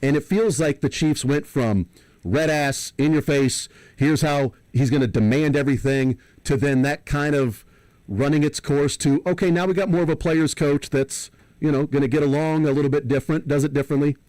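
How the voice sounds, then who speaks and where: A man's voice: a little high, steady tone, normal speed, a little mellow, no echo. A man co-hosting a sports radio show, thinking aloud in long, rambling analogies. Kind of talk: casual sports talk. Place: radio studio.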